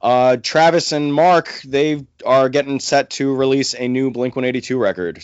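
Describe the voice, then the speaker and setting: Guy with a smooth, clear voice on a podcast, jokey, dry dull mic. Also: mid-range voice, dry recording. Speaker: podcast co-host. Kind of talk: casual comedic chat.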